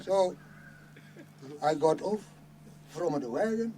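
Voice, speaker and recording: A man's voice: high-pitched, expressive, slow pace, mellow. A man doing a yarn-spinning Mexican-style farmer. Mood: storytelling. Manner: mock Spanish-flavored broken English, tag "eh?" and "amigo". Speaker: reunion skit performer. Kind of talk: comic storytelling skit. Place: live reunion stage before audience. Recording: noisy live hall recording.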